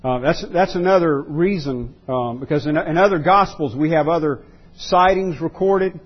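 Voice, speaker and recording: A male pastor delivers a sermon in a slightly higher, husky voice. He stumbles and restarts often, repeating key words to drive the point home. The recording sounds dull and lo-fi. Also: normal speed.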